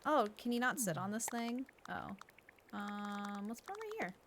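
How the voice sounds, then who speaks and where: A woman's voice: medium pitch, normal speed, over music. A woman streaming a game, chatting casually and gushing over her viewers, teary and emotional. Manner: gushing, excitable, laughs often. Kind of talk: casual live-stream chat.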